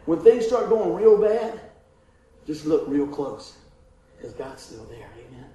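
Animated preacher in an echoing hall. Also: male voice, fairly high pitch, unhurried. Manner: animated, laughing, folksy, quoting voices in the story. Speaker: evangelist preacher. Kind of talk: storytelling sermon testimony. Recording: heavily echoing hall with faint ambient noise.

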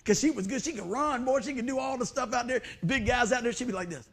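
A middle-aged man preaching a sermon to a congregation in a church, telling folksy stories and swinging between soft asides and loud bursts. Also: very high voice, quick pace. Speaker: pastor.

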